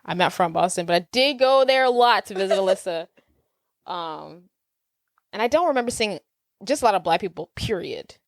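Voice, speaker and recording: A woman's voice: mid-range voice, lively intonation, fairly quick, no room sound, studio quality. A woman co-hosting a movie podcast, playful and slangy in casual chat. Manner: playful, laughs often, slangy. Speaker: podcast co-host.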